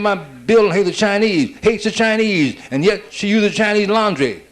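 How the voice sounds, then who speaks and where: A man doing a stand-up comedy routine, rattling off one-liners built on quick "I said, she said" exchanges. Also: sits high, animated. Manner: rapid-fire joke telling with "I said, she said" setups.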